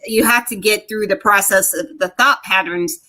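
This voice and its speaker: A woman's voice: mid-range voice, moderate pace. A woman poet and author speaking as an interview guest, telling stories with energy and acting out the voices in them. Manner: animated storyteller who acts out quoted voices. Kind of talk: conversational interview.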